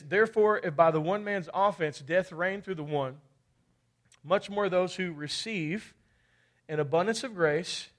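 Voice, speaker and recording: A man from Kentucky preaching a fervent sermon, often calling out for amens. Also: high-pitched. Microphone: handheld or head mic.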